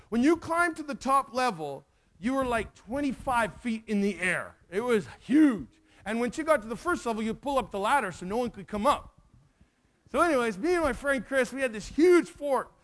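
A middle-aged man preaches to a crowd in a strikingly high voice. He tells his story with animated energy, jumping into the voices of the people in it. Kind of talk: sermon with personal story.

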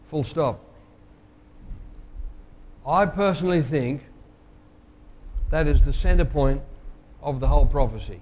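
A pastor delivering a sermon, measured and emphatic, slowing down to stress key phrases. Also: male voice, a little high, darkish tone. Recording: long hall reverb.

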